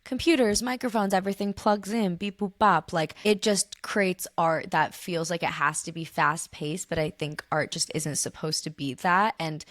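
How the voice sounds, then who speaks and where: A woman's voice: normal speed, hardly any pauses, no echo, studio quality. A woman speaking as a podcast guest in casual, reflective conversation, rambling and leaning on "like" a lot. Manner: rambling, heavy use of "like", pitch leaps up when animated.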